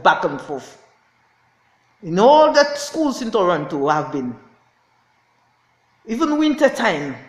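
A woman's voice: mid-range voice, reverberant. A woman speaking as a self-styled prophetess in an impassioned, repetitive rant to camera, laughing in anger. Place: indoors, lying on a floor.

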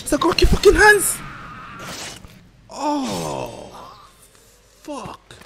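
A man hosting an anime reaction, swearing freely and breaking into shouts and laughter between calmer remarks. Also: very high-pitched, drawn-out words, vocal fry, slight background noise. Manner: excitable, profane, bursts into shouts and laughter. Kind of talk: live reaction commentary. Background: faint anime soundtrack playing.

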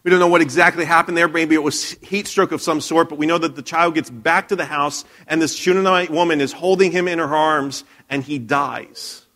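A male pastor preaches in church with a somewhat high voice. He retells the story in a chatty way, stumbling and restarting mid-sentence. He often turns to the congregation with questions. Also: fairly even intonation, a little fast, few pauses, bright, forceful tone. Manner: conversational storytelling, frequent restarts. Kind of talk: sermon.

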